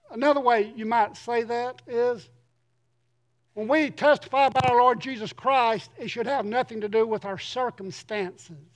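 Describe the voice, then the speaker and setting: High-voiced man preaching a sermon. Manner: earnest preaching, reads scripture slowly with emphasis. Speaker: pastor.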